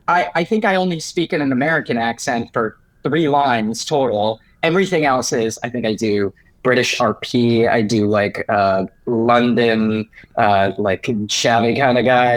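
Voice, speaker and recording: A man's voice: medium pitch, unhurried, dry recording, low-quality recording. A young man, an actor guest on a podcast, chatting in a bubbly way and laughing often. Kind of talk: casual interview chat.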